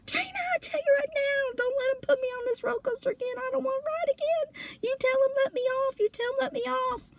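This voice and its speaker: A woman's voice: fairly even intonation, moderate pace, gravelly, few pauses, noisy background. A woman putting on a panicked, pleading friend. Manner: pleading, shrill panicked cries. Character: frightened woman friend, fearful of rides.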